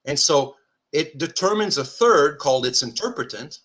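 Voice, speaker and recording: Bright-voiced man lecturing on philosophy. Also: on the high side, expressive, moderate pace. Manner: thinks aloud, checks in with listeners often; self-correcting restarts, informal asides. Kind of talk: live lecture at a diagram.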